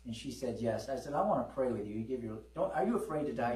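Speaking fast with lively intonation, this middle-aged pastor has a medium-pitched, darkish voice. In a church hall he tells personal testimony stories folksily, trading call-and-response with the congregation and asking for amens. It's captured on a distant mic in a roomy hall, with mains hum audible.

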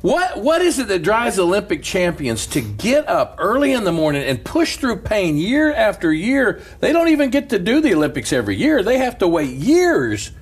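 A man's voice: high-pitched, huge pitch swings, moderate pace, hardly any pauses, husky. A male pastor telling a story in casual chat, laughing often and breaking into a preaching cadence. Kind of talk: storytelling sermon-style chat.

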